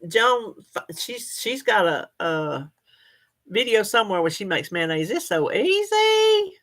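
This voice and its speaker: A woman with a mid-range, slightly bright voice and big swings in pitch speaks a little slowly as she hosts a casual livestream. She reads viewer comments, chats with them in a folksy way and laughs often.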